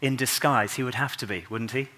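Bright-voiced man giving a sermon. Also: medium pitch. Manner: earnest, unhurried storytelling with soft, quiet passages. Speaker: preacher. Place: church.

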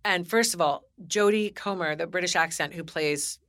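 Bright-voiced woman chatting animatedly. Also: on the low side, normal speed, dry recording. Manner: animated, emphatic, teasing. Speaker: podcast co-host. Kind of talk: casual chat.

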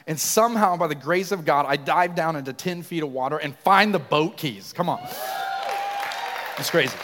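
A man preaches a sermon in a church, slipping into lively personal stories and questions for the congregation. His voice sits fairly high for a man. A long reverb from the hall trails each phrase. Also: normal speed, a crowd in the background, noisy background. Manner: storytelling, animated, asks congregation questions. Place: church sanctuary.

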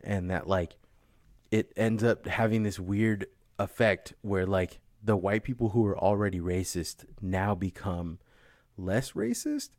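A man with a fairly low voice chats casually and swears freely, telling stories with animation. The sound is dry and close to the mic. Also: unhurried, dry recording. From California. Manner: profane, animated storytelling. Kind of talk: casual chat.

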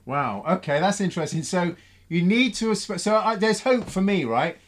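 A man hosting a live panel discussion. His voice sits a little high, and he talks in a chatty way, firing off one question after another to his guests. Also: expressive. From came to Bristol at thirteen. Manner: chatty, asks many quick questions. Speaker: discussion host.

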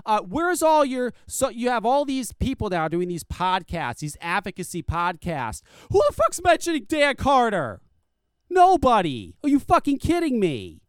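A man's voice: extremely high pitch, clean tone, no echo. A man hosting a podcast, delivering a heated, profane rant. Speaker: podcast host. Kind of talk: angry rant.

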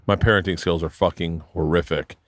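A man's voice: deep voice, a little fast, no room sound. A middle-aged man hosting a podcast, telling rambling, profane stories and acting out the people in them. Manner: profane, rambling, animated storyteller who acts out quotes. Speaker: podcast host and comedian. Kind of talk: casual storytelling chat.

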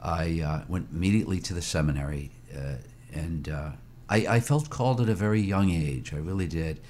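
A priest in his sixties talks through his memories in a very low, deep voice, halting often with fillers and restarts. Faint room noise sits under his speech. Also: a little mellow. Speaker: priest, interview guest. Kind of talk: reflective interview conversation.

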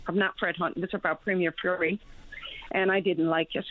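A woman's voice: lowish voice, fairly even intonation, a little fast, no echo. A woman from Newfoundland calling a radio talk show, telling a story earnestly with many restarts. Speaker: caller. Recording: tinny phone line.

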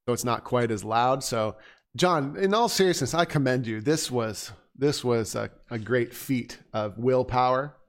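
A man co-hosting a casual show, chatting in a rambling, teasing way as he reviews a listener's bagpipe playing. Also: mid-range voice. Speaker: podcast co-host reviewing bagpipe submissions. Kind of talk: casual chat.

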